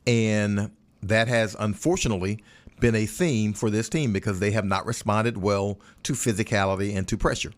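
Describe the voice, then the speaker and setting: A man giving casual sports chat as a radio color analyst, folksy and animated with playful turns of phrase. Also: on the low side, normal speed.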